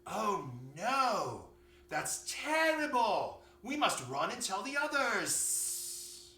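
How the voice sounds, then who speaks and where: A man voicing a worried male snake who speaks in a high, drawn-out, fretful way. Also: very animated, creaky, sharp tone, heavily acted. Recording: echoey room, far from mic.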